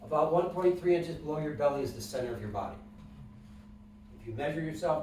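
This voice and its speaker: A man leads a class as he teaches, pitched a touch high, explaining things plainly and checking in with his students through questions. He is caught from across the room, so his voice rings with heavy echo. A faint hiss sits under the recording. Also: fast, warm tone. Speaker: wellness instructor. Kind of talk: classroom lecture with guided breathing. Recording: echoey room, mic from a distance.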